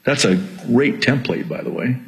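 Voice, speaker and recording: A man preaching a sermon as pastor, emphatic and sometimes near yelling, with asides and jokes to the congregation. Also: mid-range voice, normal speed, low-quality recording.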